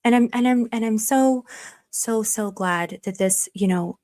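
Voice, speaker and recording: A woman's voice: on the high side, unhurried, darkish tone, dry recording. Gushing woman livestreaming, dry close mic. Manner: gushing and emotional, many restarts, drops to a whisper. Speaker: livestream host. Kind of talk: casual livestream chat reading super chats.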